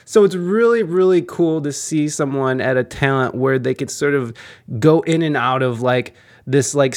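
A man hosting a casual interview, rambling with many filler words and loose, restarted phrases. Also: medium pitch. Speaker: interview host.

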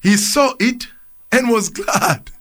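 His voice is very high, pushed and bright, with lively intonation, and he takes it slowly. On a radio program, this church speaker reads Bible passages aloud and then explains them informally, with restarts and chuckles.

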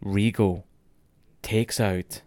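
Excitable sweary Scottish man. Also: on the low side, drawn-out words, dry recording. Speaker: wrestling podcast co-host. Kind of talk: casual chat, match recap.

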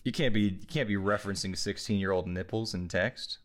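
A young man in his twenties with a lowish voice chats loosely on a podcast. He rambles through stories with plenty of fillers and breaks into laughter often. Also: fairly quick. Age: 20s. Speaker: podcast co-host. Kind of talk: casual podcast chat.

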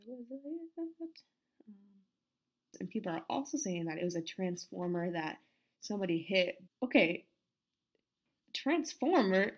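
A woman's voice: mid-range voice, sing-song, moderate pace, vocal fry, pauses often. A woman reading a story aloud unedited, tripping over words, restarting lines, apologizing and swearing casually at a home mic. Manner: casual and swearing, laughs at herself. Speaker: story narrator. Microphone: home mic with headphones bumping it.

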